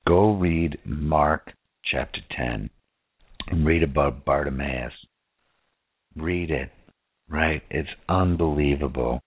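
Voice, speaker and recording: Male preacher, low register, informal and questioning delivery; dry, lo-fi phone-quality audio. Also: slow pace, long pauses, breathy edge, no echo. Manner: casual, keeps asking "right?" and rhetorical questions. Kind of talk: sermon. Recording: tinny phone-like dry sound.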